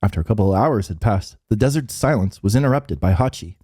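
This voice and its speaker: A man hosting a game playthrough, reading the story aloud and reacting with laughs and quick comments. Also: fairly low pitch. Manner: lively, laughs and reacts mid-read. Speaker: let's play host.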